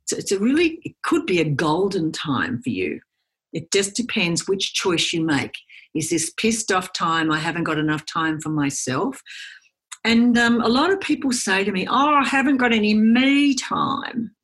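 Interview guest: animated woman with a husky voice. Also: lowish voice, moderate pace. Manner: animated storyteller, acts out quotes. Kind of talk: conversational interview.

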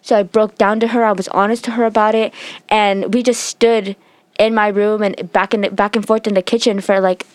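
A woman's voice: medium pitch, little pitch movement, brisk, dry recording. A teenage girl tells a heartfelt story about her family with many fillers and a voice that is sometimes close to tears. Her voice sits in a middle range. The recording is dry and close. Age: teens. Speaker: student sharing a personal story. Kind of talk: emotional personal storytelling.

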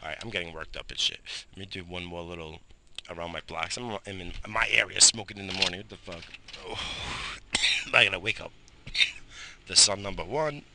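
A man's voice: deep voice, fairly quick, vocal fry, noisy background. A man in his thirties hosting a morning show, ranting casually with heavy swearing, coughs and sighs, recorded outdoors while smoking. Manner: profane, animated ranting with frequent coughs and sighs. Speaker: host of a morning radio show. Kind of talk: casual rambling monologue.

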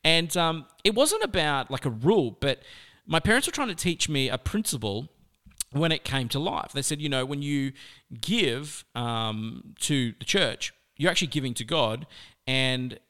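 Smooth-voiced Australian man telling a story. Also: mid-range voice, a little slow. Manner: chatty, animated, peppered with "like". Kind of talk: personal storytelling talk.

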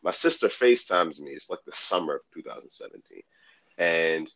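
Easygoing low-voiced man in his thirties. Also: animated, a little fast, fairly bright tone. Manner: easygoing, laughs often, slangy. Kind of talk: casual storytelling chat.

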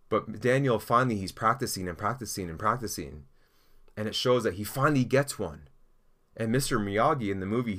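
Pastor, male, lower voice, earnest encouraging sermon delivery. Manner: earnest, encouraging, animated storytelling. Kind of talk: sermon with prayer.

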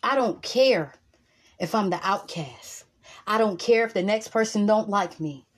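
Husky woman preaching fiery self-empowerment. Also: medium pitch, a little slow. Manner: emphatic, preachy, profane; repeats lines for emphasis. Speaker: vlogger. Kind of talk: motivational monologue to camera.

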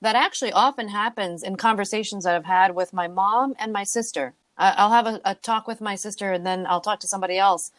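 A woman's voice: medium pitch, brisk, few pauses, no room sound. A middle-aged woman co-hosting a casual chat podcast. She talks in an easy, chatty way and laughs often. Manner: giggly, chatty, reacts with frequent laughs. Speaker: podcast co-host.

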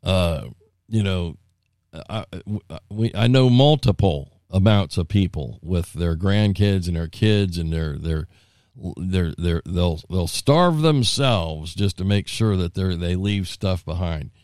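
Speaking slowly in a low, dark-toned voice, a man offers casual Bible teaching, putting a scripture story into his own folksy terms. The studio-quality recording has no room sound, and he keeps rambling off into asides and starting over.

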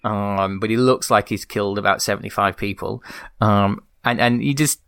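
A man with a low, gravelly voice co-hosts a casual film podcast. He talks reflectively through favorite scenes. The sound is close and dry. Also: fairly even intonation, normal speed, fairly bright tone, no echo. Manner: thoughtful, reflective retelling of scenes. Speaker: podcast co-host.

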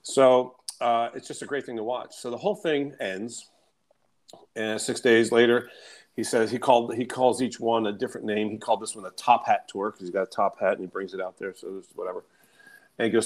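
Male coach, casual storyteller with a mid-range voice, animated and profane, acts out quotes. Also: mid-range voice, brisk.

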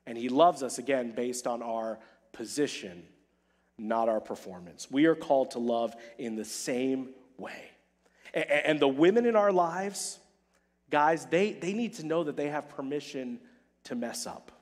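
A male pastor preaches in an animated, emphatic way. He repeats key phrases and acts out short quoted exchanges. His voice sits at a middle pitch, with a long reverb from a large church hall trailing behind it. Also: measured pace. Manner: plays out quoted dialogue. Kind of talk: sermon.

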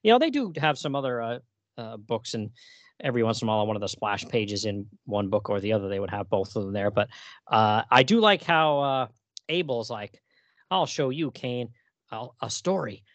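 Lively, chuckling male podcast host. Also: on the low side, brisk, no echo. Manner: enthusiastic, laughs often, recaps stories. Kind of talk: casual chat.

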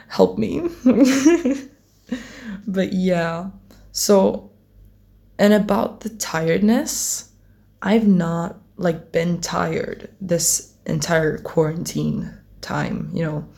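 A woman's voice: on the low side, vocal fry, darkish tone. A teenage girl chatting casually to camera as a vlogger, rambling, giggling often and swearing offhandedly. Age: teens.

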